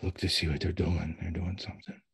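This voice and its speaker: A man voicing a frightened, paranoid father in a sickbed, in a breathy whispered role-play. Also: low-pitched, flat delivery, fairly quick, exaggerated voice. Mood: fearful.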